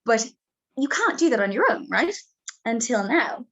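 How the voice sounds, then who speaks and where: A woman's voice: a little high, sing-song, moderate pace, fairly bright tone, rough recording. Chatty woman demonstrating birth tips. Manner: chatty and reassuring, demonstrating as she talks. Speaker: birth educator. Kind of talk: live online demonstration.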